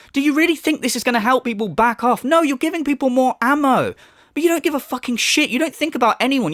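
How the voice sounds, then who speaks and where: A commentary YouTuber with a very high, fairly bright voice delivers a profane, mocking rant, often mimicking others in sneering voices. The recording is clean studio sound with no echo.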